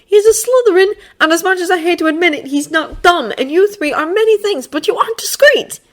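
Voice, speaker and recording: Woman reader's boy wizard: high-pitched, exasperated, dry and cutting. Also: expressive, fairly quick. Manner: sardonic, exasperated, groaning. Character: sharp-tongued exasperated schoolboy wizard. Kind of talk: fan audiobook character voice.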